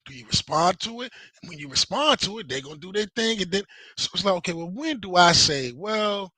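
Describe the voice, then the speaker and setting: Animated, swearing man, high voice. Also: a little fast, no room sound, rough recording. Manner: animated, profane, repeats himself, acts out quotes. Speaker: podcast host. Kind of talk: heated casual chat.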